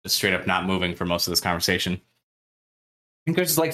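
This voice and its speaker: A man's voice: on the low side, expressive, brisk, pauses often, bright, forceful tone. A man co-hosting a podcast, recapping a book chapter in a casual, chatty way, often laughing and acting out characters' lines. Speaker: podcast co-host.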